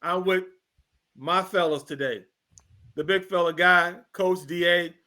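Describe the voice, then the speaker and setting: A man's voice: high voice, steady tone, a little slow, sharp tone. A man with a Missouri accent hosting a casual sports talk show, joking and teasing his co-hosts.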